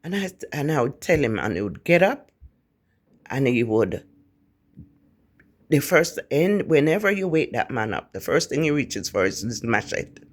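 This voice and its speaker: A man with a Jamaican accent telling a ghost story in a casual, animated way, often repeating words. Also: mid-range voice, measured pace.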